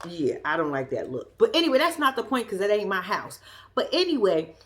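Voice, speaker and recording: A woman's voice: medium pitch, very animated, brisk. A woman giving a sassy, profane, casual commentary as she recaps a reality show episode. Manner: blunt, profane, sassy storytelling.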